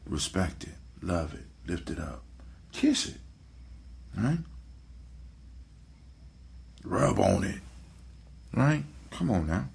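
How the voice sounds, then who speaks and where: A man's voice: low-pitched, very animated, extremely slow, vocal fry, pauses often. A man hosting a casual motivational talk, preachy, repeating his phrases and checking in with "right?". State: sleepy, yawning. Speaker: podcast host.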